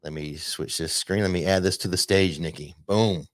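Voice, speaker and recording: A man's voice: sits low, normal speed, dry recording, studio quality. A man hosting a casual theme park news podcast, chatty and loose, with plenty of fillers. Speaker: podcast host.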